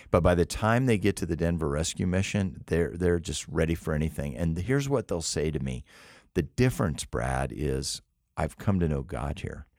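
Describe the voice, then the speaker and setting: A man's voice: deep voice, a little mellow, no echo, clean studio sound. A middle-aged man who leads a rescue mission, telling stories earnestly in an interview with frequent restarts. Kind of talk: interview conversation.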